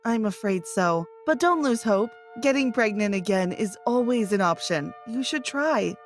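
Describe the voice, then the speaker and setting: A woman narrator voicing an awkward, apologetic woman doctor in an animated story, with a hesitant, halting delivery. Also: mid-range voice, faint music behind, lightly acted.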